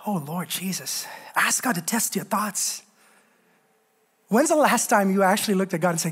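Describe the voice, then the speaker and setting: A man preaching a sermon as a pastor, moving from raised, fervent passages to quiet, joking storytelling. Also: expressive, normal speed, husky. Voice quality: swings from loud preaching to low, quiet asides. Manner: humorous storytelling with self-deprecating jokes.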